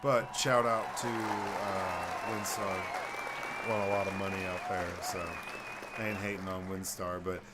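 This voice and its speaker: A man's voice: low voice, little pitch movement, slow pace, over loud music, a loud crowd. A man, hosting a podcast in casual chat and telling rambling, profane stories. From Texas. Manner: rambling storyteller who acts out voices, swears freely. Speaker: podcast host.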